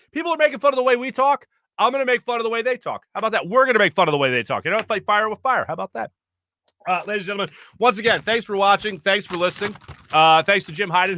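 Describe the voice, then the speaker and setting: A young man from Philadelphia hosts his own sports show from a studio, chatting loosely and upbeat with lots of fillers. His voice sits a little high and sounds bright and forceful. The sound is close and dry, with no room around it. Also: no echo. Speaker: sports talk show host. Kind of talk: solo sports talk show, casual chat.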